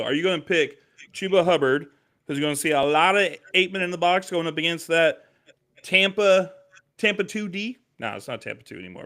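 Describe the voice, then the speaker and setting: An American man co-hosting a live fantasy football show, relaxed and reading out viewer questions. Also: a little high. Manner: laid-back, reads viewer questions. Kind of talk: casual live podcast chat.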